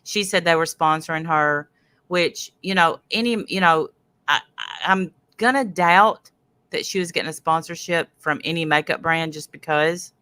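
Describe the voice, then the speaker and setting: A woman's voice: sits low, normal speed, pushed and bright, clear, resonant tone. A woman hosting a casual livestream, rambling and greeting viewers in chat. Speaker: host.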